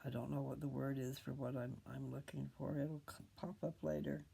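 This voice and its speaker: An older woman hosting a casual scripture talk, rambling, pausing often and drifting into whispers. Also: rumbling low, flat delivery, creaky, warm tone, husky. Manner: rambling, pauses often, loses her train of thought. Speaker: video host reading scripture.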